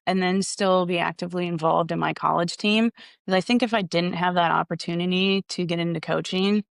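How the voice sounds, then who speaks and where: Young woman golf coach, gravelly voice. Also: on the low side, fairly even intonation, brisk, no echo, studio quality. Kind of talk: interview answers.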